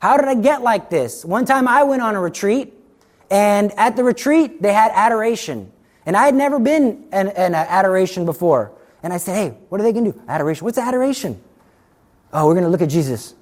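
A middle-aged man giving a sermon, telling a story with lively acted-out dialogue. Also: high voice, brisk. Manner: animated storytelling, acts out dialogue. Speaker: Catholic speaker.

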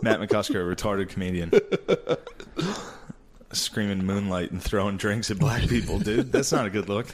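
A man's voice: on the low side, lively intonation, slow pace, pauses often, a little hiss or hum. A man in casual podcast chat, throwing in teasing, profane banter.

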